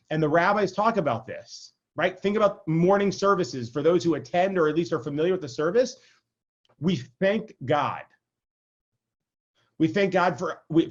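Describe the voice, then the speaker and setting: A man's voice: fairly high pitch, highs cut off. A man, a rabbi, giving an informal class in a conversational way, often checking in with "right?" and adding self-deprecating asides over a video call. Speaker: rabbi teaching an adult class. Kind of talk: informal lecture.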